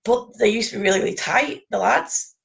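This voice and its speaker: A woman's voice: mid-range voice, a little fast, gravelly, rough recording. A woman telling rambling anecdotes in casual chat, laughing often.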